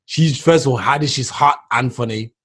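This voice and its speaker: A man's voice: medium pitch, normal speed, fairly bright tone, breathy edge. A man, hosting a casual chat, rambling and tacking man onto his sentences. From England. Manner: rambling, says man a lot. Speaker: podcast host.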